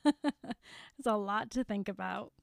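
A woman's voice: medium pitch, slow, creaky, no room sound, clean studio sound. A woman co-hosting a casual chat, making jokey asides and laughing a lot. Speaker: podcast co-host.

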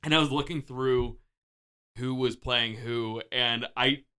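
A man's voice: medium pitch, fairly even intonation, takes it slowly, sharp tone, clean tone. A young man co-hosting a podcast, chatting casually, joking and rambling with lots of filler words. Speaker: podcast co-host. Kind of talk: casual chat.

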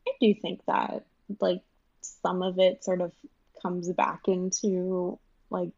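A woman's voice: lowish voice, little pitch movement, slow pace, gravelly, a little mellow, no room sound, lo-fi sound. A young woman chatting as a guest in an interview, rambling with lots of fillers and frequent laughs. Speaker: guest, animation writer and storyboard artist. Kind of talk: casual interview chat.

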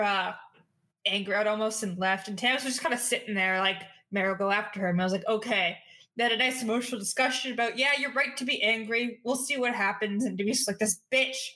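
A woman player recapping a tabletop game session in casual chat, giggly and swearing, with quick asides. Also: medium pitch, sharp tone.

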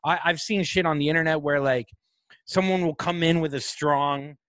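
A man's voice: a little high, steady tone, normal speed, a bit bright, dry recording. A man from the American South hosting a podcast, talking in a casual, rambling way, restarting his thoughts and laughing often. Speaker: podcast host.

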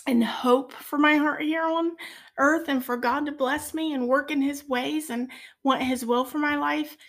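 Soft-spoken woman sharing a faith story. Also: high voice. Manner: earnest, tearful at moments. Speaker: podcast guest. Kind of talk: personal faith testimony.

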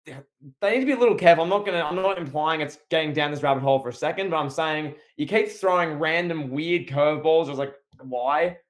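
A man's voice: on the high side, brisk. Playfully indignant young man chatting wrestling. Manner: playfully indignant, mock-outraged teasing. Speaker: podcast co-host. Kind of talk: casual wrestling chat.

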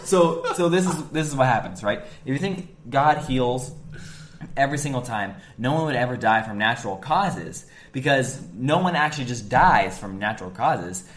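A man's voice: medium pitch, expressive, moderate pace, roomy sound, slight background noise. A young man co-hosting a casual faith podcast, explaining his reasoning step by step and often checking in with "right?". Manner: explaining point by point with frequent "right?". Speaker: podcast co-host.

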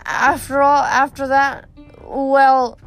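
A nervous young satyr boy halts and hesitates over his words, his voice pitched up and anxious, as a woman reads his part aloud. Soft music plays faintly underneath. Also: level tone. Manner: hesitant, halting.

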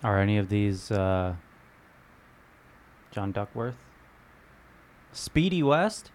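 A man chiming in on a podcast with quiet, brief, dry remarks. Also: fairly low pitch, very animated, takes it slowly, slight background noise. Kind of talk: casual podcast chat.

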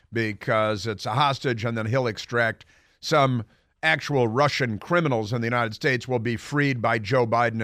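A man's voice: mid-range voice, fairly bright tone, dry recording. Male radio host for a political monologue: sarcastic, combative, meandering, close and dry in the studio. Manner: combative, sarcastic, rambling with many fillers. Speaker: radio talk show host.

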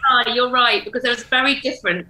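A woman's voice: fairly high pitch, fast talker, noisy background. A woman, co-hosting casual studio banter in a candid, earnest manner. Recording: roomy echo.

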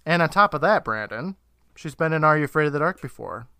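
Guy podcast cohost recapping a show, bright punchy voice, laughs a lot, swears, dry close sound. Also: on the high side, lively intonation, quick pace, clear, resonant tone, no echo. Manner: laughing, swearing, mimics characters. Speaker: podcast co-host. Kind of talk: casual episode recap.

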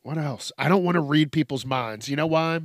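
A man's voice: fairly high pitch, moderate pace, dry recording, clean studio sound. A man hosting a solo podcast, rambling casually with a lot of swearing and laughing at his own tangents. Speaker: podcast host.

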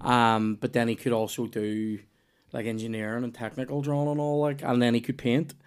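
A man's voice: medium pitch, level tone, fairly quick, clean tone. A Northern Irish man telling loose, rambling stories in casual podcast chat, with restarts and swearing.

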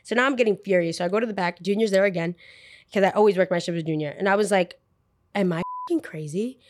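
A young woman casually telling a retail work story, animated and full of fillers, acting out what people said. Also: mid-range voice, very fast, dry recording, studio quality. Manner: animated, lots of "like", acts out quotes.

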